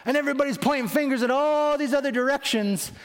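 A man with a high voice delivers a sermon, shifting into dramatic voices for the people in his story. His words ring out with a long reverb, as in a large hall. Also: fast. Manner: dramatic, voicing biblical figures in quotes. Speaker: preacher.

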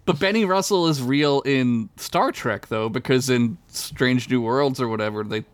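A man co-hosting a podcast in excitable casual chat, swearing freely and jumping into silly mock voices. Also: moderate pace. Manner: excitable, swears a lot, jumps into high-pitched mock voices. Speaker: podcast co-host.

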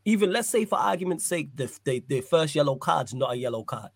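Male pundit, a touch high, dry close mic, emphatic, answers his own questions. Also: lively intonation, a little fast, slightly rough, no echo. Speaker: football pundit on a live stream. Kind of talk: casual debate.

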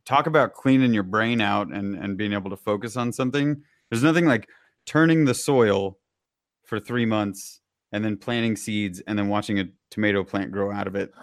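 A man from Kansas co-hosting a podcast, chatting casually in a jokey, rambling way and quick to laugh. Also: fairly low pitch, no room sound, studio quality. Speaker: podcast co-host. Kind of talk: casual chat.

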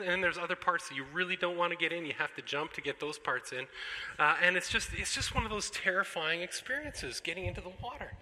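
A middle-aged man delivers a lively, story-driven sermon and acts out the scenes as he goes. His voice is bright and sharp, sitting a bit high for a man. It rings with the long reverb of a large hall. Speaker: pastor.

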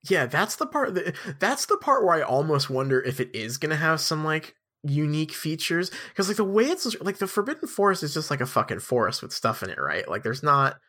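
Rambling man with a lively voice. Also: a little high, brisk, hardly any pauses. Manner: rambling, filler-heavy, jokey. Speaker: podcast co-host. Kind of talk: casual chat.

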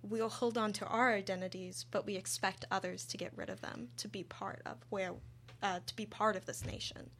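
A woman's voice: mid-range voice, steady tone, normal speed, a bit bright. Hesitant American woman with faint hum. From United States. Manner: hesitant, many ums and uhs. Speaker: radio show co-host. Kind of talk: casual radio discussion.

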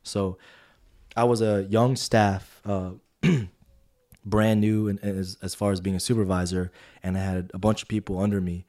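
A man's voice: low voice, level tone, moderate pace, darkish tone. A young man, a podcast co-host, telling a story in casual chat and animatedly quoting others.

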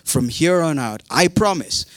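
A man's voice: a little high, lively intonation, unhurried, no room sound. Casual slangy prophet who shrugs off orders, as a preacher puts him on in his own voice. Dry, close sound. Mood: earnest. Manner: slangy, offhand. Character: reluctant male prophet, laid-back and dodging duty.

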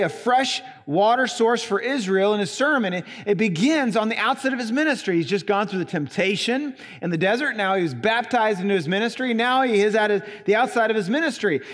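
A pastor with a Southern Indiana accent delivers an emphatic sermon, leaning on single words. His voice sits high for a man. The sanctuary leaves a long reverb trailing behind him. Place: church sanctuary.

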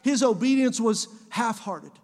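A man preaching a sermon as pastor of his church, repeating phrases and building to shouts. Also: very high-pitched, expressive, a little slow. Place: church sanctuary. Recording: long hall reverb.

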